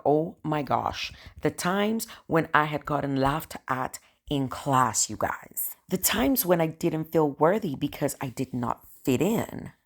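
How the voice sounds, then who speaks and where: A woman with a Cameroonian accent tells a personal story straight to her viewers. Her low voice swings widely in pitch, and her delivery is emotional and animated. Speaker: storyteller vlogger.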